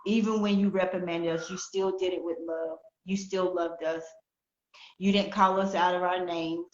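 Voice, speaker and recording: A woman's voice: on the low side, fairly even intonation, moderate pace. A middle-aged woman hosting a live online talk show, speaking with emotion and repeating herself as she reads out viewer comments. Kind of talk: heartfelt live-stream chat. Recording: roomy, dull lo-fi live stream.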